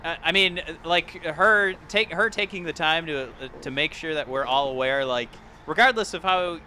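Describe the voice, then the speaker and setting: Rambling bright-voiced man on a podcast. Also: fairly high pitch, moderate pace, slight background noise. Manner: rambling, searching for words. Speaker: podcast co-host. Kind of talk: casual chat.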